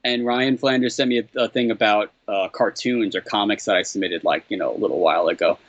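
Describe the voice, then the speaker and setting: This man, a comedy writer in an interview, tells a story animatedly and fairly quickly, acting out quoted exchanges in a raised voice, chuckling as he goes and often exclaiming "what the hell." The audio is lo-fi, dry, slightly dull, with no echo.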